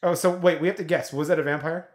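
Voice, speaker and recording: A woman's voice: deep voice, fairly even intonation, fast. A woman hosting a casual podcast chat, explaining a party game and laughing often. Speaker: host.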